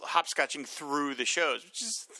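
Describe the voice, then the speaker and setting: A man's voice: on the high side, big pitch swings, measured pace, sharp tone, dry recording. A man co-hosting a casual chat, wry and easily bewildered. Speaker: podcast co-host.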